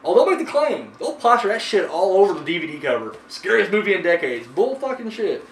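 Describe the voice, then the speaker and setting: A man hosts a horror movie review show, rambling casually with plenty of fillers and profanity. His voice sits fairly high. He is caught at a distance in an echoey room under faint noise. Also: big pitch swings, fast talker. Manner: rambling, swears freely, frequent fillers. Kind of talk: casual chat.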